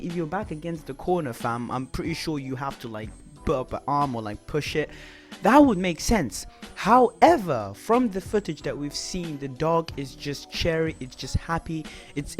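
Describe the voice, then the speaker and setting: A young man ranting in a YouTube commentary video, swearing often and using lots of filler words. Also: medium pitch.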